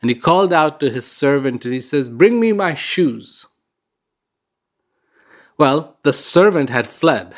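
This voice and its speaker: A man giving an inspirational talk, telling stories in a conversational way and repeating words for emphasis. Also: medium pitch. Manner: conversational storyteller with fillers. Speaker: speaker giving a reflective talk.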